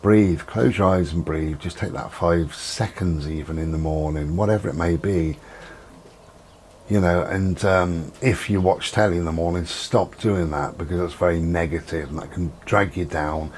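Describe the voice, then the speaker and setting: A man's voice: low-pitched, normal speed, slight background noise. A middle-aged man, chatting casually and rambling about his day at home. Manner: rambling, relaxed, chatty with many ums. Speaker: vlogger. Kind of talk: casual chat. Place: at home with door and window open.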